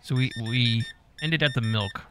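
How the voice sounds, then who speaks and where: A man's voice: mid-range voice, a little slow, background noise. A man giving casual, profane gameplay commentary, mock-scolding customers and staff as he plays. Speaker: gaming YouTuber.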